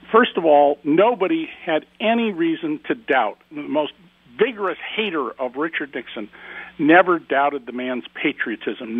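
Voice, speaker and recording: A man's voice: mid-range voice, gravelly, slightly rough, no room sound. A man, a guest author giving emphatic, indignant commentary in a radio interview over a phone line.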